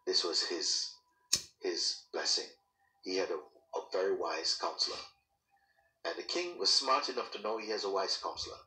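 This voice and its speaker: A man telling a spoken parable as a teacher, in a lively way that acts out the people in his story and adds sound effects. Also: sits low, moderate pace, far from the mic. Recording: echoey room, speaker off-mic.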